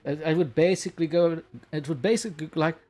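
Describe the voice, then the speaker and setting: A man's voice: a little high, fairly even intonation, quick pace, a little mellow. A man hosting a live stream, chatting casually and laughing at himself. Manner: laughs often, self-mocking. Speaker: stream host.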